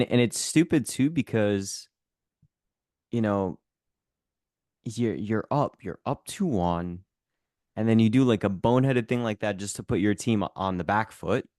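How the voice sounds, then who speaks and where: A man with a fairly low voice co-hosts a casual football podcast, teasing and joking as he goes. The recording is dry and close, with little room sound. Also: darkish tone, dry recording. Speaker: podcast co-host.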